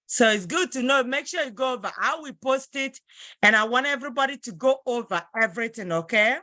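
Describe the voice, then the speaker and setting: A woman's voice: a little high, lively intonation, brisk, sharp tone, dry recording. A woman language teacher leading an online class, patiently repeating phrases and encouraging her students. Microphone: video call.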